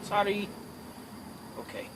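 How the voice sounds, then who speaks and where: A man joking around and talking to himself and his viewers while working by a fire outdoors, filmed on a phone. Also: slow. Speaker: hobby metalworker. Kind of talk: casual self-filmed commentary. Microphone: phone camera. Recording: loud outdoor noise on phone.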